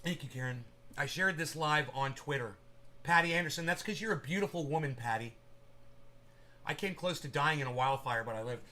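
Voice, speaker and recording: A man chatting on a livestream in a high, bright voice that has a forceful edge. He rambles from point to point, swears freely and calls out to viewers by name as they type in chat. It is loose, unscripted talk. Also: a little fast, a little hiss or hum. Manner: rambling, profane, talks straight to viewers in chat. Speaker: livestream host.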